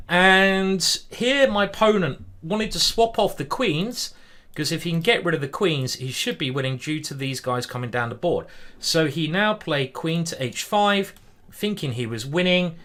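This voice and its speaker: A man's voice: on the high side, expressive, measured pace, fairly bright tone. A man, casually commentating a chess stream and greeting viewers by name. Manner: chatty, greets viewers by name, lots of ums.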